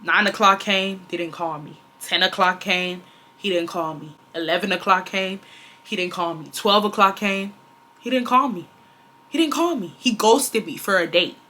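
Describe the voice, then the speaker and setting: A young woman in her twenties from Houston tells a dating storytime straight to her viewers. She is dramatic and animated, swears freely, and keeps calling them y'all. Her voice is bright and clear. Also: medium pitch, moderate pace. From Houston, Texas. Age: 20s. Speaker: storytime vlogger. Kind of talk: casual storytelling to camera.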